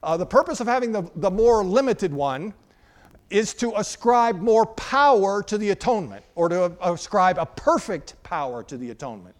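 A male pastor preaching into a stage microphone, his voice sitting a little higher than most men's. He poses questions to the congregation and answers them himself, moving between loud, emphatic lines and soft, hushed ones. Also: animated, moderate pace. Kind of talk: expository sermon.

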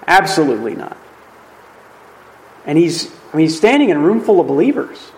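A man's voice: a little high, big pitch swings, quick pace, mellow, rough recording. A man teaching through a Bible passage in a video, emphatic and conversational, often checking in with "right?".

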